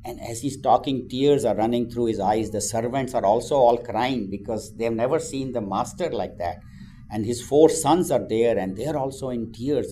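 Mellow man telling a parable. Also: mid-range voice, moderate pace. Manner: conversational, with frequent asides. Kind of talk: storytelling a parable.

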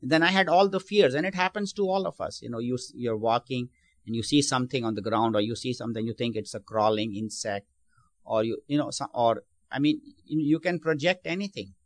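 A man's voice: mid-range voice, a little fast, dry recording. Man, spiritual teacher, sermon, explanatory, restarts phrases, dry sound. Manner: explanatory, asks the audience questions.

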